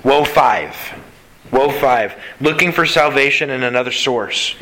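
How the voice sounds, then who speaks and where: A man preaching from the pulpit with a bright, forceful voice. He talks earnestly and with animation, breaking from scripture into quick plain-spoken asides. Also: medium pitch, rough recording. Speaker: pastor. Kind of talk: sermon.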